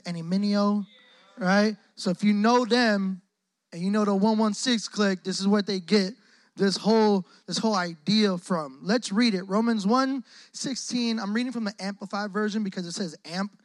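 A young man preaching a lively call-and-response sermon in a church hall, joking often and using lots of casual slang. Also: sits high, normal speed. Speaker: guest preacher. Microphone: close microphone on the speaker.

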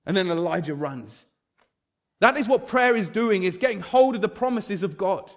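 A man preaching a sermon in a high, light voice. He tells Bible stories with lively energy and acts out each character as he goes. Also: moderate pace. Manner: animated storytelling, acts out biblical figures.

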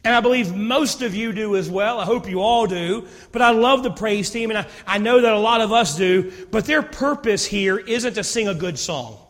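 A man's voice: high voice, moderate pace, few pauses, a bit bright. A man preaching a sermon as pastor, reading scripture and then retelling it in casual modern terms. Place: church sanctuary. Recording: long reverb of a church hall.

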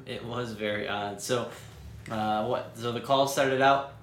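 Man, podcast co-host, relaxed halting chat, roomy echo, faint noise behind. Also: mid-range voice. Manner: relaxed, halting with many fillers. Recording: echoey room, faint noise.

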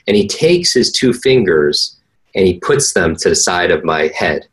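A man's voice: low voice, very animated, brisk, poor audio. A man, a learning coach, telling a personal story earnestly in conversation, with frequent restarts and fillers. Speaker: interview guest, learning coach.

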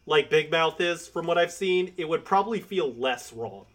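A podcast co-host with a slightly high, a bit bright voice chats casually at normal speed, animated yet rambling and hesitant, laughing often.

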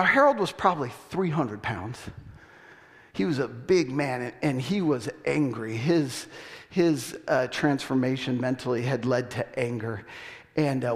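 A male pastor telling a story in a sermon, acting out voices with laughter and animated delivery. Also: mid-range voice. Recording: long hall reverb.

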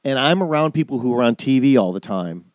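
A middle-aged podcast co-host tells a story in casual chat, rambling along with frequent restarts and acted-out quotes. His mid-range voice has lively intonation and a brisk pace, recorded clean in a studio with no room sound.

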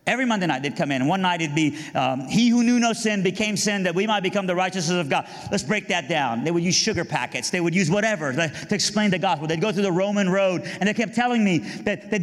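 A man giving a sermon testimony, telling his story and building to fervent preaching. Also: high voice. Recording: long hall reverb.

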